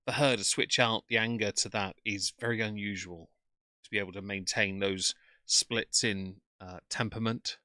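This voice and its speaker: A man's voice: lowish voice, fairly even intonation, normal speed, bright, forceful tone, no echo, studio quality. A man streaming live reaction commentary in a sarcastic, mocking way.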